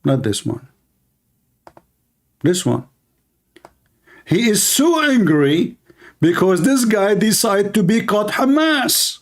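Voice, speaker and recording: Male streamer, high pitch, jeering and scornful, broken grammar. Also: very animated, slow, pauses often. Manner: taunting, insulting, non-native grammar. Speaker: online debate streamer. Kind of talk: mocking live commentary.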